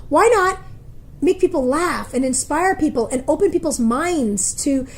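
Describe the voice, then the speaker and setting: A woman, a motivational speaker, telling a story in a casual interview, lively and acting out the voices of others. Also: high voice, measured pace. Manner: animated, acts out quoted voices.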